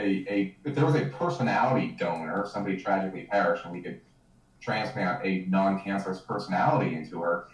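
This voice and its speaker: Sardonic low-voiced man, echoey and distant. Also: darkish tone. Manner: sardonic, articulate, dry wit. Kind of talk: casual podcast chat.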